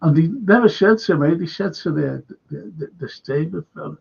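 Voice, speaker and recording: A man's voice: on the high side, animated, normal speed, vocal fry, few pauses, darkish tone, slightly rough. A man with a Liverpool accent hosting a current affairs livestream, telling a meandering, earnest anecdote full of asides and restarts. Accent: Liverpool (Scouse). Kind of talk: rambling anecdotal storytelling. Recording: dull lo-fi livestream audio.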